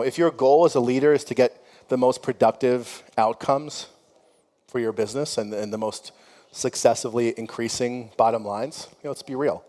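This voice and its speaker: A man's voice: mid-range voice, darkish tone. A middle-aged man speaking on a conference panel, telling frank, conversational stories with plenty of "you know" and laughter. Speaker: company founder on a conference panel. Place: conference hall. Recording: long hall reverb.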